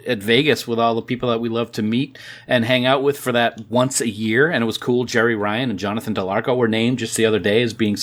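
A man's voice: mid-range voice, steady tone, fast, few pauses. A chatty man in his forties co-hosts a podcast with a New England accent. He talks in loose, rambling sentences and trips over his own words. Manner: chatty, self-deprecating, stumbles over words. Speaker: podcast co-host. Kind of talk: casual chat.

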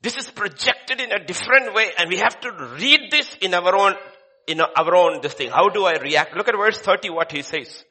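A male pastor preaching emphatically, swinging between loud exclamations and hushed asides. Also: high-pitched, normal speed. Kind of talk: sermon.

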